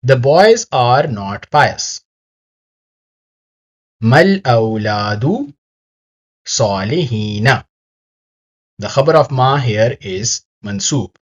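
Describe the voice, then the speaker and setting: A man narrating a scripted Arabic grammar lesson, explaining each example slowly and carefully. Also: mid-range voice, lively intonation, breathy edge, muffled recording.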